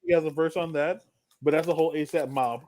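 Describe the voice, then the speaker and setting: A joking, animated man trades banter with friends on a podcast. His voice sits a little high for a man, and he bursts into loud laughs. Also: fast. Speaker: podcast co-host. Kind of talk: casual chat.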